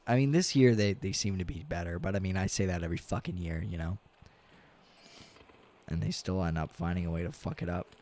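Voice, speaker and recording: A young man streaming a hockey video game, casually commenting, swearing a lot and yelling at big plays, tired and yawning. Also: sits low, a little fast, a little hiss or hum. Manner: excitable, swears often, yells at big plays. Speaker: gaming streamer.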